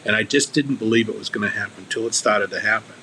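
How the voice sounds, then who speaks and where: A man's voice: fairly low pitch, quick pace, sharp tone, a little hiss or hum, rough recording. A man speaking as a guest on a recovery podcast, earnest and candid, often restarting and repeating his words.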